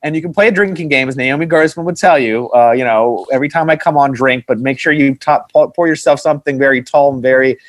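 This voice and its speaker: A man's voice: mid-range voice, fast, hardly any pauses, no echo. A man, a film producer, telling stories in a casual interview chat, often laughing and swearing. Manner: laughing, profane storyteller.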